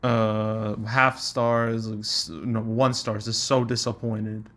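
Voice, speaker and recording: A man's voice: lowish voice, flat delivery, slow, a bit bright. A young man hosting a casual commentary, reading audience reviews aloud with fillers, stray hums and chuckles. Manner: rambling, chuckling, filler-heavy. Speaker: host.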